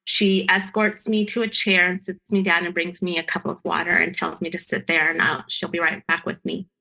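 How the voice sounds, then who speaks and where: A woman's voice: lowish voice, flat delivery, normal speed, vocal fry, bright, forceful tone, low-quality recording. A woman telling her own story as a guest, earnest and emphatic, often restarting her sentences. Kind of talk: personal storytelling.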